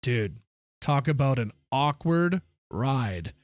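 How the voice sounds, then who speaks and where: A man streaming live, telling stories in a casual, profane, animated way. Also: medium pitch, slow, dry recording.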